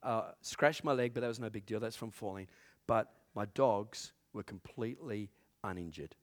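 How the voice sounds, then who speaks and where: A man preaching a sermon to a congregation, who swings from loud, drawn-out preaching to hushed storytelling and laughs at his own jokes. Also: fairly low pitch. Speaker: pastor. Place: church in front of a congregation.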